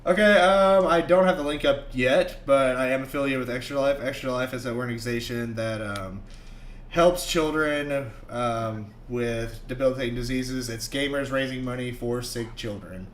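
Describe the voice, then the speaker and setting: A young man streaming a tabletop game, chatting in a quick, joking, excitable way. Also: mid-range voice, echoey room, a little hiss or hum. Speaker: streamer and co-host. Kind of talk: casual livestream chat.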